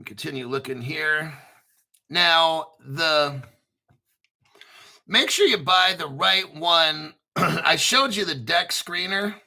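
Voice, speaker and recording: A man's voice: fairly high pitch, slow pace, vocal fry, long pauses, pushed and bright. A man hosting a casual crypto livestream, rambling and joking with lots of profanity. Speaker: crypto YouTube host.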